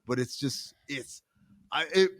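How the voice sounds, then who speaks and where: A man's voice: medium pitch, slow, dry recording, clean studio sound. A man co-hosting a casual podcast chat, opinionated and joking as he pokes fun at regional accents. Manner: animated, opinionated, mocks accents. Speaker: podcast co-host.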